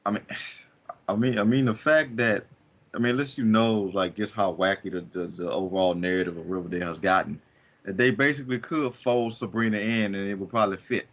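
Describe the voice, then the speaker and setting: Male podcast co-host, low voice, halting delivery, dull lo-fi recording. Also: fairly even intonation, a bit bright. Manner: hesitant, halting with restarts. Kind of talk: casual chat. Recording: dull lo-fi sound.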